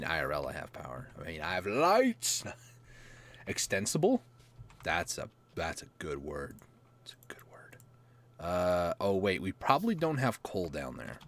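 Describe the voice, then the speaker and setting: Man, gaming commentary, casual rambling, self-mocking, chuckly, lively pitch swings. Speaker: gaming YouTuber.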